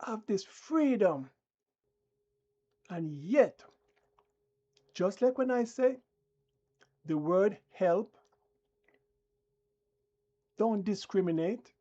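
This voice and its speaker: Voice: medium pitch, lively intonation, slow, pauses often, warm tone, husky, muffled recording. A channel host delivering a combative, preachy live-stream rant that talks down to the viewers.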